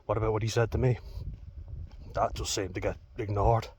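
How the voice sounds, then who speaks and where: Irish man, young, low voice, angry sweary storyteller, faint hiss behind. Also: level tone, moderate pace, darkish tone. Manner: heated, sweary, candid recounting. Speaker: vlogger. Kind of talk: personal storytelling vlog.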